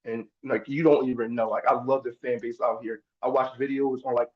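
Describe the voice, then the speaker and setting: A man's voice: medium pitch, fairly even intonation, a little fast. A young man from New Jersey, a college football player, talking in an easygoing, enthusiastic, informal way as an interview guest. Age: young adult. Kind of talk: casual interview. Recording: dull lo-fi sound.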